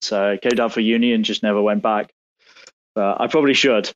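A man from the UK, chatting as a guest in an easygoing, soft-spoken way. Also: lowish voice, fairly even intonation, fairly quick. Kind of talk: casual chat. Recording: dull lo-fi online audio.

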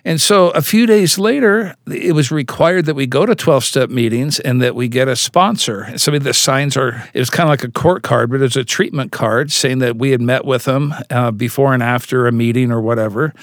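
A man's voice: medium pitch, a little fast, few pauses, no echo, studio quality. A man as an interview guest, earnestly telling a personal story and acting out the dialogue. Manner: earnest, acts out quoted dialogue.

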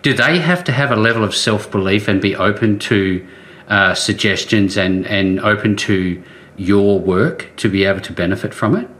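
A man's voice: on the low side, fairly bright tone. A man hosting an interview over a remote call, asking rambling questions with many restarts. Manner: rambling, halting questions with fillers. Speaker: show host.

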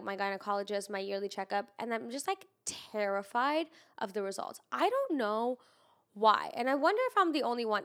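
A young woman with a stuffed-up, nasal voice talks in a loose, rambling chat. She fills her sentences with "like" and swears freely. Her voice sits a little high. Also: a bit bright. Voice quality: congested, nasal. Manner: chatty, swears freely, lots of "like". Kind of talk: casual chat.

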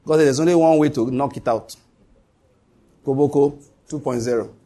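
A man's voice: mid-range voice, moderate pace, dark tone. A man preaching a sermon as pastor, emphatic, repeating his points and swinging his voice up and down.

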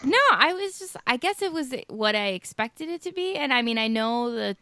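Lively bright-voiced young woman. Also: fairly high pitch, normal speed, smooth, dry recording. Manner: lively, chatty. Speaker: podcast guest. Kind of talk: casual podcast chat.

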